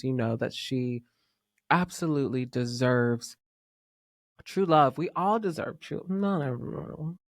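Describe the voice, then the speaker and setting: A man hosting a casual pop music podcast, talking in an excitable, gushing fan manner with sudden whispers. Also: medium pitch, no echo, clean studio sound. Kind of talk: casual chat.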